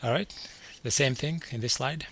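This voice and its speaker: Bright-voiced man teaching vocabulary. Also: mid-range voice, slightly rough. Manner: repeats each word slowly, then quizzes the listener. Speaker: language teacher. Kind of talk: slide-based vocabulary lesson.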